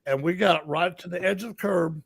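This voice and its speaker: A man's voice: sits high, a little fast, vocal fry, husky, no echo. A middle-aged man from Alabama with a Southern accent, telling ghost stories as a co-host in a folksy, rambling, casual way. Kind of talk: casual storytelling chat.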